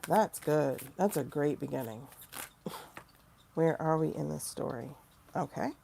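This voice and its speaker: A woman hosting a casual livestream tarot reading, chatty and animated, with sudden mocking asides to her viewers. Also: deep voice, a little slow, vocal fry, slight background noise. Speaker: tarot reader and livestream host.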